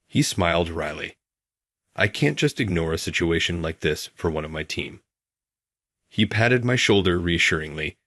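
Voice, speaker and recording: A man tells a first-person story in a steady, measured narration. His voice sits very low and has a husky edge. The recording is dry and close. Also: no echo.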